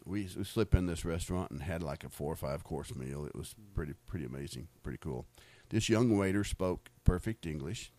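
A middle-aged American man with a low, deep voice tells personal faith stories in a loose, rambling way. He restarts and repeats words and laughs now and then. The sound is dry and close. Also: animated, fairly quick, few pauses, a little mellow, no room sound. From United States. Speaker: speaker sharing faith stories. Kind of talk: casual storytelling testimony.

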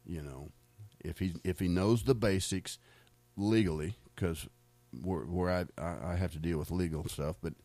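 A middle-aged man from the US gives a casual testimony of faith stories, meandering, repeating words, and laughing as he goes. His low, mellow voice moves at a normal speed with barely any pauses, and the recording sounds dry.

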